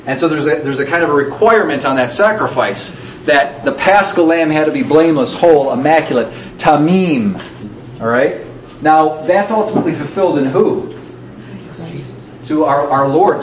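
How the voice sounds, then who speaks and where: A man's voice: fairly high pitch, moderate pace. A man leading a Bible study class, explaining passages and repeating key words for emphasis. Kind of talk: teaching a scripture class. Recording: echoey room, distant mic, faint noise.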